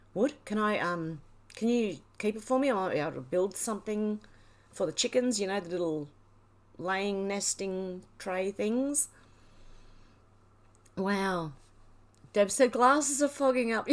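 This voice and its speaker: A woman hosting a livestream reads out her viewers' chat messages one after another. She is tearful and overwhelmed, laughing and choking up as she goes. Her voice sits at an ordinary middle pitch. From Australia. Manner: emotional, teary and laughing, overwhelmed. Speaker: livestream host. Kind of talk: reading live chat aloud.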